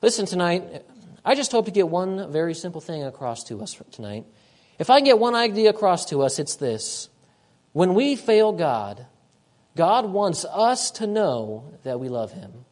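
A man preaching a sermon, emphatic, repeating his key phrases and moving between loud and hushed delivery. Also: high voice, big pitch swings, normal speed.

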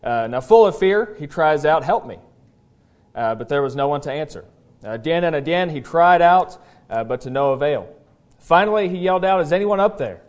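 Easygoing pastor with a raised voice. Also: male voice, a little high, lively intonation. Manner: folksy, conversational preaching with frequent "uh" pauses; tells a joke story then presses the point earnestly. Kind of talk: sermon. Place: church service.

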